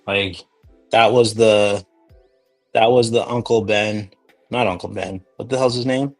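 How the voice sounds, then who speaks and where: A man's voice: fairly low pitch, steady tone, a little slow, faint music behind. A man hosting a casual chat, rambling and joking through tangents.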